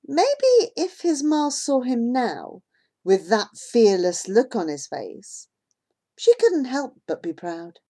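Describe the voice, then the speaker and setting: A woman narrates a children's book in a slow, expressive reading voice. Her pitch sits a little high and moves around a lot as she tells the story. The pace is unhurried and careful. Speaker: audiobook narrator. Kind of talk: audiobook reading.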